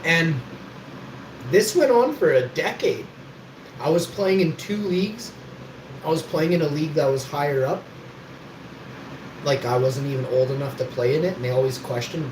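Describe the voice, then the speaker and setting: A man's voice: on the high side, animated, normal speed, long pauses, darkish tone. A man telling rambling, boastful stories on a livestream and swearing freely. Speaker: livestream host. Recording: echoey room with background noise.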